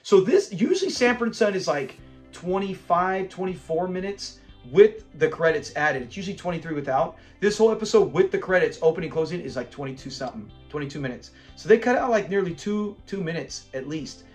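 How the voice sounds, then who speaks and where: A man hosting a fan channel, giving a casual, animated recap of a classic sitcom episode and acting out lines as he goes. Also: high-pitched, fairly quick, soft background music. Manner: animated, retells scenes while acting out lines and laughing.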